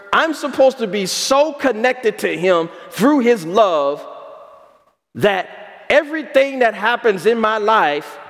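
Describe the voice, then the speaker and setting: A male pastor's high voice rises and dips as he preaches, echoing at length through the church hall. His sermon is built on stories and repeated questions aimed at the congregation.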